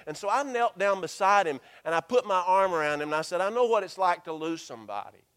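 A man, a pastor telling a story from the pulpit with a slightly high voice. He speaks earnestly and drops to a hushed, slow delivery when he quotes scripture. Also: expressive, clear, resonant tone. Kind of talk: sermon storytelling.

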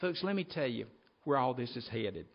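A man's voice: medium pitch, lively intonation, normal speed, creaky. A man preaching a sermon, reading scripture aloud and earnestly addressing his listeners as folks. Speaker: pastor. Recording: dull lo-fi recording.

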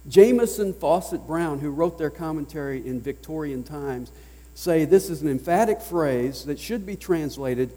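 A man with a Southern US accent preaching a sermon as pastor, emphatic, swinging between loud declarations and hushed lines. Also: a little high, animated, normal speed. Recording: long reverb of a large hall.

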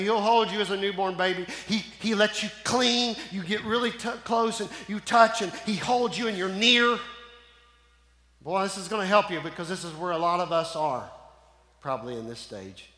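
High, bright-voiced preaching man. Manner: preaching with call-and-response, swinging from loud to hushed. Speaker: pastor. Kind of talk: sermon. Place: church sanctuary. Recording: echoey church hall.

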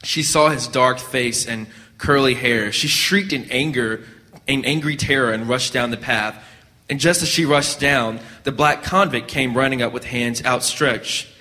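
A man reads a story aloud in a bright, forceful voice, measured and steady. Now and then he stumbles and restarts a word. A long hall reverb follows his reading. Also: mid-range voice. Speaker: narrator.

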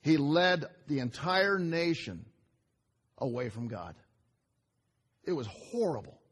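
Delivering a sermon in a conversational style, this pastor speaks with a fairly high pitch and a breathy edge. He throws rhetorical questions at the congregation, slipping into hushed asides between his emphatic lines.

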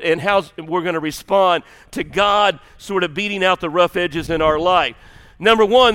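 Male pastor, high, bright voice, animated and rambling with self-deprecating asides. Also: smooth, big-room sound. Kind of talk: sermon.

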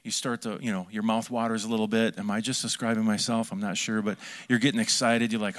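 A man preaching a sermon as pastor, lively and joking, with asides to his congregation. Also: mid-range voice, fast, hardly any pauses.

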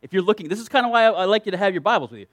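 A man with a high, animated voice preaches a sermon to a youth group, speaking rapid-fire with no room sound. He reads scripture aloud, breaks into emphatic asides and restarts often.

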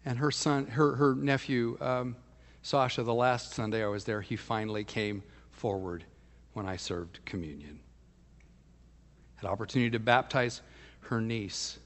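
Man, pastor, emphatic storytelling sermon, mid pitch, long hall reverb. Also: unhurried. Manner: storytelling, emphatic, dropping to a hushed voice for intimate points.

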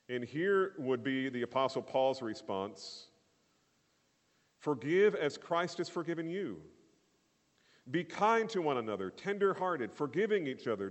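A man preaching a sermon in an earnest, emphatic way, with loud rising bursts and quiet asides. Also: mid-range voice. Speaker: pastor. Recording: long hall reverb.

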